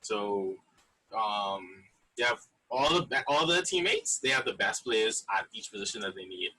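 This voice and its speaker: A man's voice: on the low side, wildly swooping pitch, normal speed, sharp tone, low-quality recording. A man co-hosting a casual sports podcast who restarts often and builds his argument step by step. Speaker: podcast co-host. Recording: husky voice from away from the mic.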